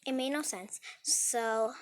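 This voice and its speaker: A woman's voice: a little high, takes it slowly. A woman telling a casual storytime tale, rambling and breathless as she goes.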